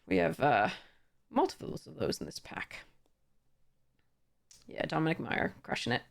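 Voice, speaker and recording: A woman's voice: very deep voice, huge pitch swings, measured pace, vocal fry. A young woman chatting casually as she opens card packs, reading card text aloud with frequent fillers and small laughs. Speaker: card game YouTuber. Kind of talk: casual pack-opening commentary.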